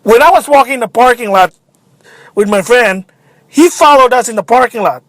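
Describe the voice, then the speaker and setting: A man's voice: very high-pitched, normal speed, no echo. A man telling a frustrating store story in a casual, agitated vlog rant. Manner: agitated, animated storytelling with restarts. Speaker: vlogger. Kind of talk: casual ranting monologue.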